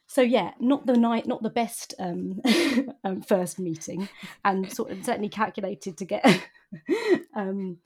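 A woman's voice: mid-range voice, lively intonation, slow pace, a little mellow, husky. A woman co-hosting a podcast, talking about a novel in an agreeable, hesitant way. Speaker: podcast co-host. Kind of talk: casual book chat.

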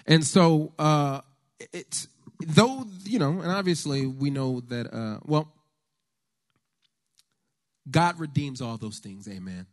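An American man giving a conversational, faith-based talk on politics to a church lunch audience, telling stories with lively asides. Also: fairly high pitch, slow, long pauses. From United States. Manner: animated storyteller, conversational with the audience.

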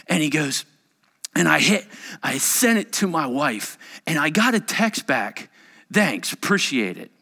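Pastor, middle-aged man, lively sermon delivery, bright ringing voice. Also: fairly high pitch, unhurried, gravelly. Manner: animated, acts out quotes in varied voices.

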